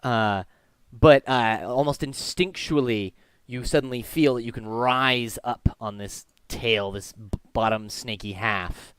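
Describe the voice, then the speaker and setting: A man's voice: medium pitch, unhurried, a bit bright, clean tone, dry recording. A man running a tabletop game as game master, narrating the scene with frequent ums and uhs.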